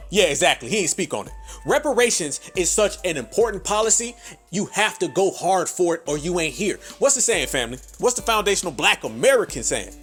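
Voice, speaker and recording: Podcast host, male, high voice, profane emphatic rant, faint music bed. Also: sing-song, fairly quick, fairly bright tone, breathy edge. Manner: profane, emphatic, addresses listeners as family. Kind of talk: ranting commentary.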